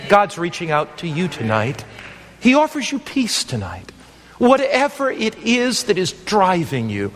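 Earnest pastor preaching in a reverberant hall. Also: male voice, high-pitched, very animated, measured pace, a bit bright. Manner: earnest, pleading with listeners, acting out dialogue. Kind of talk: evangelistic sermon.

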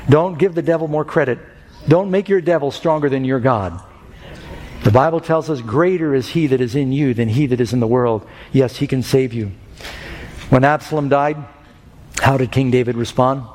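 A man's voice: mid-range voice, normal speed, a little mellow. A male preacher giving an evangelistic sermon, telling stories and rising to impassioned calls. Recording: long hall reverb with faint music.

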